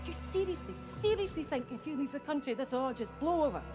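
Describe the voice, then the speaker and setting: A high-voiced wife, scornful and biting. She is fed up with her husband and talks down to him. Music plays clearly behind her. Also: expressive, fast.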